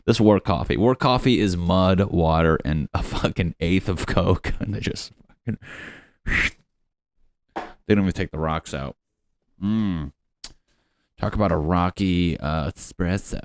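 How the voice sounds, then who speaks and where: Young male podcast host, deep voice, loose swearing comic monologue at home. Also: a little slow, long pauses. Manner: profane, rambling, jokey with put-on quote voices. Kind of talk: solo comedic podcast rant. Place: his apartment on a lunch break.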